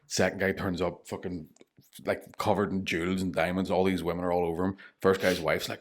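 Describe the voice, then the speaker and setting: Fast-talking Northern Irish man, deep voice. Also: fairly even intonation. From Northern Ireland. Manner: swears freely, tells long jokes. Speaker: comedian guest. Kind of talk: casual storytelling.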